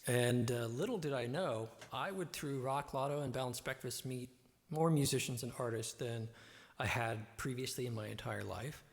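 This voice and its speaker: A man hosts a live-stream show and rambles along, his talk full of fillers. His voice has a gravelly, creaky edge. His audio is drenched in long reverb, as if he were speaking from down a hallway. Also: medium pitch, normal speed. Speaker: host and musician. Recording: reverb-heavy echoey audio.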